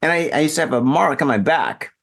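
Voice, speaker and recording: A man's voice: a little high, fast, creaky. A drunk man hosting a casual talk show, telling a wild story and acting out his own yelps. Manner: animated, acts out his own yelps and voices. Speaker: podcast host. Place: home room in Japan.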